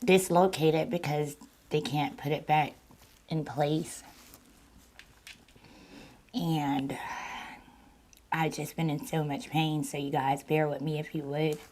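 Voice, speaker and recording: A woman with a sore throat, hosting a mukbang and slowly retelling a story to her viewers in a casual way. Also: low-pitched, flat delivery, darkish tone, a little hiss or hum. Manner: slow, deliberate retelling with repeats. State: sore throat, partly lost voice. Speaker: mukbang channel host.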